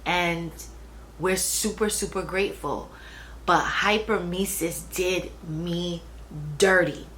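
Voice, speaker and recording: A woman's voice: lowish voice, steady tone, slow pace, a bit bright, low-quality recording. A young adult woman talking casually about her own pregnancy, chatty, with fillers and restarts. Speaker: vlogger. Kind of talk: casual personal storytelling. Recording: faint background noise.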